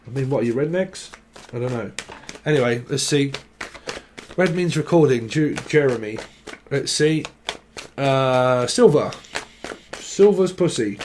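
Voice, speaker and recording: A man's voice: medium pitch, lively intonation, unhurried, pauses often, a little mellow, slight background noise. Man, tarot reader, rambling word associations, laughs a lot, casual chat. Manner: rambling free association, singing snatches, laughing often. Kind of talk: casual channelled tarot reading.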